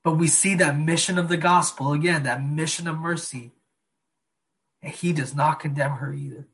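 A man preaching a sermon, earnest, slowing down and dropping soft on key phrases. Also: on the high side, steady tone. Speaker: pastor.

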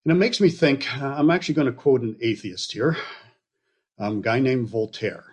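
A man with a somewhat husky, middle-range voice teaches from scripture. He talks in a loose, conversational way, pausing to check in with his listeners and drifting into everyday examples. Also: medium pitch. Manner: relaxed, explaining with frequent okays and asides. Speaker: Bible teacher.

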